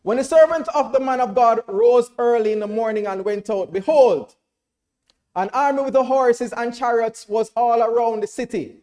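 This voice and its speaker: A Jamaican man preaching a sermon to a congregation in church, checking that everyone follows and rising to loud, emphatic declarations. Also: extremely high pitch, moderate pace.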